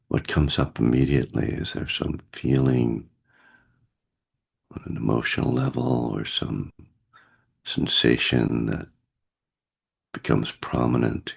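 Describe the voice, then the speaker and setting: A man with a cold leading a guided meditation over a video call, speaking gently with pauses and fillers. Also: rumbling low, creaky, breathy edge. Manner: slow, gentle, pausing guidance with fillers. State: has a cold, husky voice. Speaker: meditation teacher.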